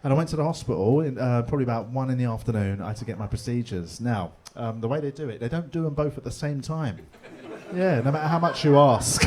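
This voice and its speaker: A man's voice: mid-range voice, animated, fast, darkish tone. A man doing a stand-up set in a pub comedy room, talking in a chatty, storytelling way with laughing asides.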